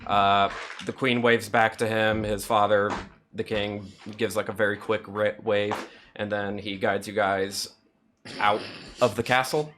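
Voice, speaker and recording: A man's voice: fairly low pitch, little pitch movement, a little slow, background noise. A man running a tabletop game as game master, narrating in a laid-back, self-deprecating way.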